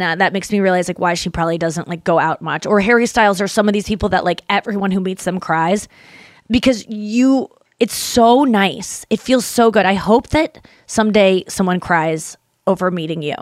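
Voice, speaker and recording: A woman's voice: mid-range voice, no room sound. Chatty woman podcast host, dry close sound. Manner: chatty, self-deprecating, animated quoted voices. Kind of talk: casual solo podcast chat.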